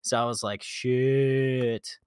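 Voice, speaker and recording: A man telling a gaming story in a casual podcast chat, animated, swearing often and acting out quotes. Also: medium pitch, takes it slowly, clear, resonant tone, no room sound, clean studio sound. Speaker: podcast guest.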